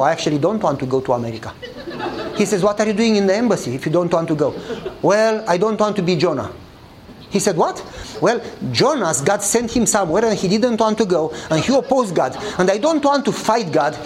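In a rough recording with slight background noise, a pastor delivers sermon storytelling in English. His grammar is non-native, and he brings the dialogue to life with animated pitch shifts.

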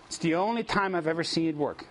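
A man preaching and telling a lively story to a congregation, animated and often chuckling as he addresses the audience directly. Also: a little high, quick pace. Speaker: preacher leading mission trips. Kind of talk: storytelling sermon.

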